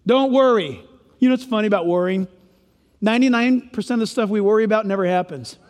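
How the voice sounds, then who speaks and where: A pastor with a strikingly high voice preaches in a big hall, and his words ring out with a long echo. He mixes scripture with jokey, animated asides. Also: fast. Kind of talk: sermon.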